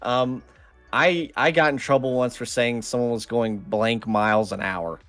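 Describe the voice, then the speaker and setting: A man's voice: medium pitch, a little slow, a bit bright, no room sound. Laid-back man, dry humor, faint music behind. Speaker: interview guest, roleplay server staff. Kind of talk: casual chat on a live stream.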